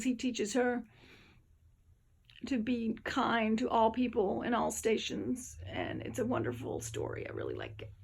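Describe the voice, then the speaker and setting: A woman's voice: fairly high pitch, vocal fry, slightly rough. A tired woman, just up from a nap, rambling chattily at home in a casual vlog. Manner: rambling, chatty, drifts between topics. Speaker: vlogger. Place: home, indoors.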